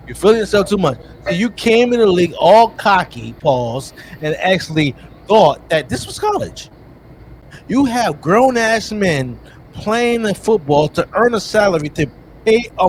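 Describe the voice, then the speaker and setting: Guy co-hosting a sports podcast, kinda high voice, fired up and teasing, faint hiss behind. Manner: animated, teasing, addresses players directly. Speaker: co-host. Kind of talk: casual sports podcast talk.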